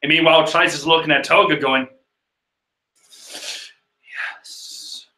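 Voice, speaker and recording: A man reads comics aloud in a bright, slightly high voice, joking and swearing as he goes. He records in an echoey room. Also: fairly even intonation, quick pace. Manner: joking and profane, laughs often. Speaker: manga reading vlogger. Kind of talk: casual reading and commentary.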